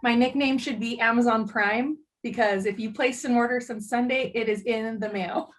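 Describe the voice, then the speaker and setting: A woman's voice: fairly high pitch, steady tone, moderate pace, poor audio. A woman taking part in a casual interview over a video call, chatting about her products with plenty of "um"s. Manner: chatty, explains products with fillers. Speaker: guest, glove company owner.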